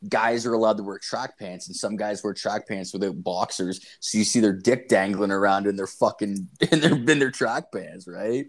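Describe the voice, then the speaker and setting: A man's voice: fairly low pitch, normal speed, few pauses. A man co-hosting a podcast, telling rambling stories in casual, profane chat. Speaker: podcast co-host.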